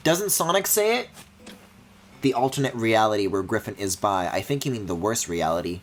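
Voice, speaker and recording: A man streaming a video game, thinking aloud in a low mumble and breaking into high, excited squeals and mock-outraged swearing. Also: moderate pace, slight background noise. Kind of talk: live-streamed gameplay commentary.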